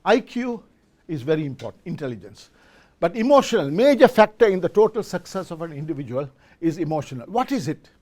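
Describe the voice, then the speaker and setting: Fairly quick and very animated, his voice is a little high with a darkish tone. The middle-aged man gives a motivational business talk at a business forum in an event hall, quizzing the live audience and frequently restarting his words.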